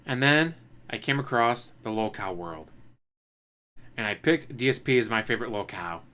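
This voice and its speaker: A man giving casual, sarcastic commentary as a streamer, mocking with quick impressions. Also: medium pitch, expressive, pushed and bright.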